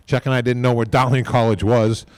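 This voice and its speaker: A man speaking at a podium microphone during an induction ceremony, rambling informally, repeating himself and tagging lines with a quick "okay?". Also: medium pitch, level tone, a little mellow, clear, resonant tone, no echo, studio quality. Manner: repeats words and restarts often. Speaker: team executive giving induction speech.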